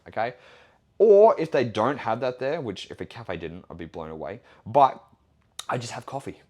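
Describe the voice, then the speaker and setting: A young Australian man hosting a solo podcast as a fitness trainer, talking bluntly and assertively with plenty of swearing. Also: mid-range voice.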